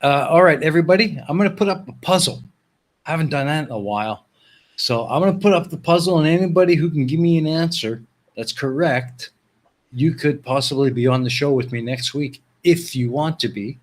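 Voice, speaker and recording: A man hosting a live stream, talking to his audience and guest in a relaxed, chatty way. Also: on the high side, fairly quick. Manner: relaxed and chatty, laughs along. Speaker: host. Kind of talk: casual live-stream chat.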